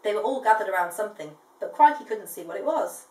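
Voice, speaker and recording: A woman reading a storybook aloud to a child, gentle, with chatty asides between pages. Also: mid-range voice, lively intonation, fast talker. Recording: echoey room, distant mic.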